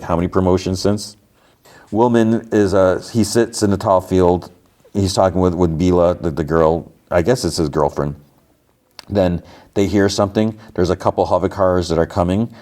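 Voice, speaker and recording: This man hosts a podcast where he recaps TV episodes in a loose, rambling way, dropping "like" constantly. His voice sits low and sounds mellow.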